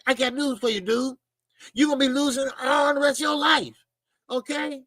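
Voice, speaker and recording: A man hosting a boxing talk show, ranting in loud, emphatic, mocking casual commentary with plenty of swearing. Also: extremely high pitch, moderate pace, dry recording.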